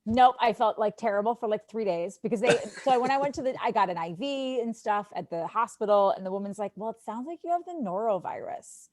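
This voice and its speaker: A woman in her thirties, a sports TV host, telling an animated story on a podcast full of "like" and quoted asides. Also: medium pitch, brisk, few pauses, no echo. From Wisconsin. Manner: animated, lots of "like", quotes herself. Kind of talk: casual storytelling.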